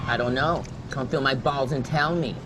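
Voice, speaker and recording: A man's voice: mid-range voice, steady tone, normal speed, natural voice. A man playing Chow, a crude mocking gangster. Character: brash crude male gangster, taunting. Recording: film clip played over a call, background noise.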